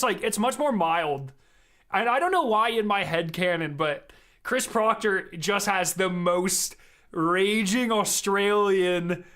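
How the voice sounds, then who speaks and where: A high-voiced man rambles through live-stream commentary, excitable and loose. He swears casually as he talks, jumping from one thought to the next. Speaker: streamer reacting to a developer stream.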